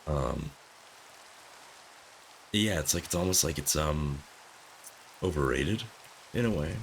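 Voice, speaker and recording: A young man, hoarse from being sick, rambling casually over gameplay with lots of fillers. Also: a bass voice, lively intonation, slow, slight background noise. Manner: rambling, filler-heavy, jokey musings. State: hoarse from sickness. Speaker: gameplay commentator. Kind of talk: casual gaming commentary.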